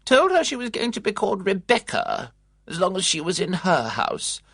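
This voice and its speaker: A reader voicing a sharp, disapproving elderly aunt, speaking in a tart, imperious, scornful way. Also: mid-range voice, big pitch swings, normal speed, husky, no echo, clean studio sound, voice pushed up, heavily acted.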